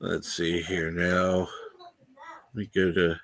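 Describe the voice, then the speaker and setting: A man's voice: deep voice, completely flat delivery, takes it slowly, creaky, fairly bright tone. A man hosting a casual livestream from home, reading viewer comments aloud and swearing casually. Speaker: livestream host. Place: room at home.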